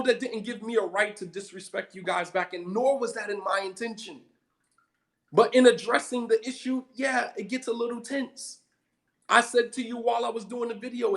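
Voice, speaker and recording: Fired-up preacher guy, high voice, keeps repeating himself to hit the point. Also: a bit bright. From United States. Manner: heated, emphatic, repeats for emphasis. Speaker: Muslim preacher. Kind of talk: impassioned lecture.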